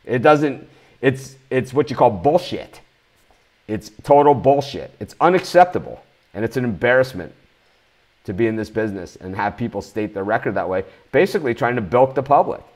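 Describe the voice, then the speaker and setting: A man's voice: mid-range voice, animated, moderate pace, darkish tone. A man hosting a live sports betting show, talking bluntly in a ranting, swearing manner.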